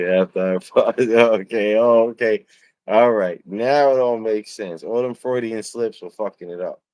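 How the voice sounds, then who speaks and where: Male livestream host, deep unhurried voice, loose laughing storyteller who curses freely. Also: darkish tone, poor audio. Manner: laughs often, swears, rambling storytelling. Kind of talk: casual livestream chat.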